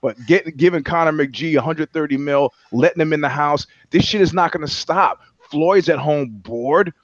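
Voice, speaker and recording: A man's voice: on the high side, dry recording, lo-fi sound. A man co-hosting a podcast in casual chat, rambling and sardonic, with plenty of profanity. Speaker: podcast co-host.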